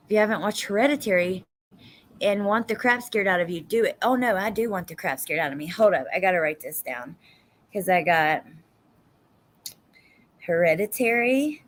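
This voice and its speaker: A woman's voice: lowish voice, slight background noise. A woman with a Southern US accent chatting casually on a livestream, reading viewer comments and swearing emphatically now and then. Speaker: true crime livestream host.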